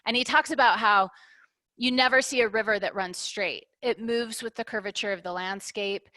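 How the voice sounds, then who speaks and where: A middle-aged businesswoman speaks candidly in an interview, reflecting on her points through analogies and often ending them with "right?". Her mid-range voice moves at a normal speed and sounds pushed and bright, with no echo.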